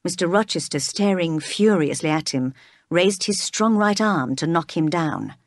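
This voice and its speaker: A woman narrating a storybook read-aloud in a steady, clear way. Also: lowish voice, a little slow, no echo, clean studio sound.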